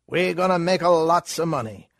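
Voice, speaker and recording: A boisterous mock-Italian comic schemer, put on by a man reading aloud, mangling his English with gusto. The voice sits high and leaps around lively, loud and bright. It is recorded dry and close. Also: moderate pace, vocal fry, no echo. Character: brash wisecracking male schemer, mock-Italian.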